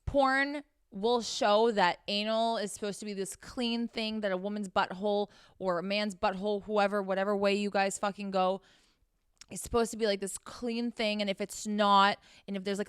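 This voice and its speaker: A woman's voice: mid-range voice, fairly even intonation, moderate pace, smooth, no room sound, studio quality. Brash, profane young woman giving advice. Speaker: podcast host giving sex advice. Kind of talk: blunt advice monologue.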